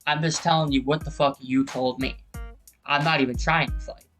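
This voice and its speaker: Male gaming host, mid-pitch, heated storyteller who curses and acts out dialogue. Soft music bed. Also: steady tone, normal speed, low-quality recording. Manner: heated, swearing, acts out quoted people. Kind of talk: casual storytelling over gameplay.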